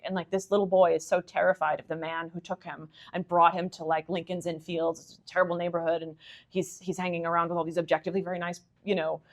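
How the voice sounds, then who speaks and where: A woman's voice: fairly low pitch, flat delivery, fast. A woman speaker at a literary society meeting, answering audience questions in a chatty, enthusiastic way full of asides. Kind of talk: conversational lecture Q&A.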